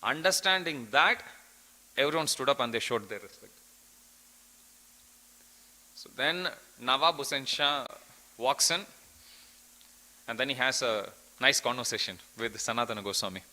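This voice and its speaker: Bright-voiced man giving a scripture class. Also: medium pitch, moderate pace, pauses often, poor audio. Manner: earnest storytelling, quoting verses.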